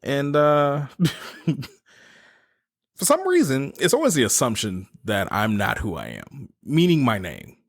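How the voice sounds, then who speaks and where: A man's voice: medium pitch, wildly swooping pitch, a little slow. A man in his thirties hosting a podcast, telling stories casually, swearing freely and laughing between phrases. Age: 30s. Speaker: podcast host. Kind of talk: casual storytelling chat.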